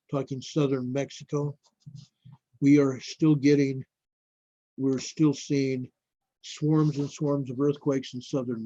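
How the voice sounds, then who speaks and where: A man hosting a casual live stream, talking viewers through earthquake reports in a rambling, unhurried way and calling them folks. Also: fairly high pitch, dark tone, dry recording. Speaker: livestream host. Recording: dull lo-fi dry stream audio.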